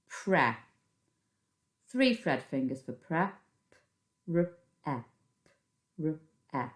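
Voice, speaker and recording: A woman with a British accent, a primary school teacher giving a recorded phonics lesson to young children, patiently sounding out words into a computer microphone. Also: lowish voice. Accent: British English.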